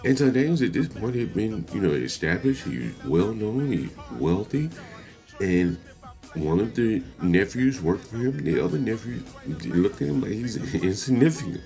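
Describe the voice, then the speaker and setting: A man hosting commentary on a clip, speaking in a measured, analytical way and chuckling between points. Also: on the low side, big pitch swings, creaky, dark tone, soft background music. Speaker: commentary host.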